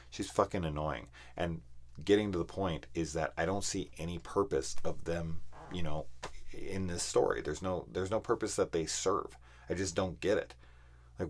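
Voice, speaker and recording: A man's voice: extremely low pitch, gravelly. A man reviewing a horror film in casual, profane, exasperated ranting.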